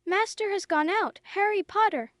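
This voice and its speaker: A woman's voice: very high voice, normal speed, a bit bright, no room sound, studio quality, voice pushed up. A woman reading the lines of a spiteful male house elf servant in a storybook, gleeful and sly. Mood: gloating.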